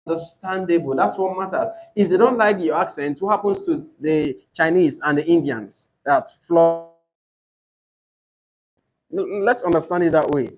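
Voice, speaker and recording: A man teaching an IELTS speaking class, animated and emphatic, often checking in with "right?". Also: on the high side, moderate pace, poor audio. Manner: animated, rising to emphatic points, asks "right?". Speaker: IELTS tutor.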